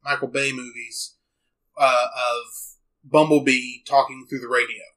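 A man co-hosting a podcast, chatting casually and rambling with quick asides and restarts. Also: mid-range voice, level tone, fairly bright tone, poor audio. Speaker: podcast co-host. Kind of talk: casual chat.

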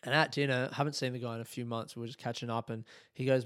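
An Australian man in his thirties, a comedian hosting his podcast, telling a sweary, self-mocking story in a casual, animated monologue. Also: medium pitch, quick pace, few pauses, smooth, no echo, clean studio sound.

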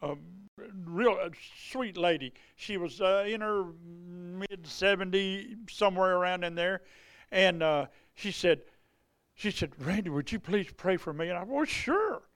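A man preaching at a revival, telling a healing story in a halting way with many pauses and restarts. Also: high-pitched, a bit bright, dry recording. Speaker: evangelist preacher. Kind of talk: testimony storytelling in a sermon.

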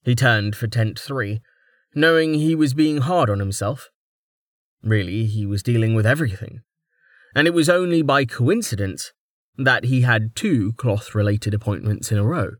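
A man reading an audiobook chapter in steady, scripted narration. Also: mid-range voice, normal speed, no echo, clean studio sound.

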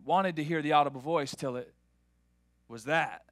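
A man preaches a sermon with a high, bright voice. He is animated and restarts his words as he builds each point. The sound is dry and close, with no room echo. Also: normal speed, long pauses. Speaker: pastor.

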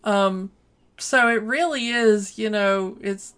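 A woman's voice: medium pitch, slow pace, fairly bright tone. A woman co-hosting a casual chat, speaking hesitantly with many fillers. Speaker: podcast co-host. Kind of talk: casual film discussion.

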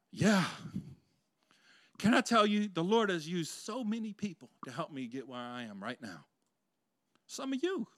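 A male pastor preaching a conversational sermon that swells into loud, passionate peaks. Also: a little high, no echo.

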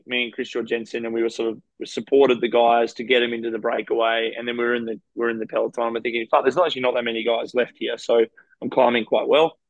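Flat-voiced Australian man telling race stories. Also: mid-range voice, no room sound, highs cut off. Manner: rambling, frank anecdotes with quoted dialogue. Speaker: professional cyclist guest. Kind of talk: casual interview storytelling.

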